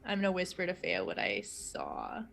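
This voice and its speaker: A woman's voice: on the low side, huge pitch swings, moderate pace, vocal fry, a loud crowd. A woman playing a tabletop game who describes her character's actions in a chatty way. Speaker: player. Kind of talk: casual tabletop play.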